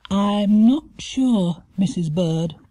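A man's voice: extremely high pitch, lively intonation, moderate pace, warm tone, slightly rough, dry recording, voice pushed up, exaggerated voice. A man doing a timid, polite little bear. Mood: sheepish. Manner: hesitant, apologetic. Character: polite anxious young bear.

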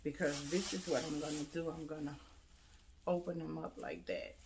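A woman showing off holiday decorations she bought, talking casually and excitedly straight to her viewers. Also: sits low, normal speed, background noise. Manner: enthusiastic, addresses viewers directly, exclaims over items. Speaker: home decor vlogger. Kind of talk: casual haul show-and-tell.

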